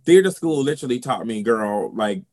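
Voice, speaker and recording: A man's voice: mid-range voice, normal speed. A man from South Carolina with a Southern US accent, a drag performer telling stories in an interview with sass and flair. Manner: sassy, expressive, sprinkles in "honey" and "girl". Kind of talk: candid storytelling interview.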